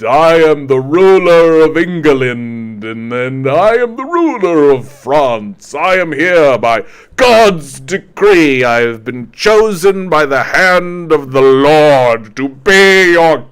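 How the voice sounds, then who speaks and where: A man voicing a pompous medieval king who slowly proclaims his divine right to rule. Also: expressive, clean tone. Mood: grandiose. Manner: slow, booming, grandiose proclamation.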